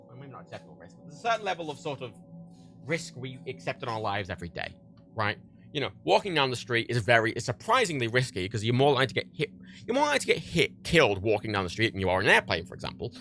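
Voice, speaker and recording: Animated, cursing man ranting. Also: medium pitch, quick pace, soft background music. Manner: heated, profane, animated. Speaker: livestream host. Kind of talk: ranting livestream monologue.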